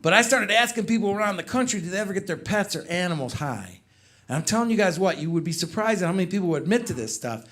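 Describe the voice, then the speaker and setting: A man doing a stand-up comedy set, telling animated stories and putting on voices for friends. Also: sits high, fast talker. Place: comedy club stage with live audience. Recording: loud live crowd laughter. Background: audience laughter.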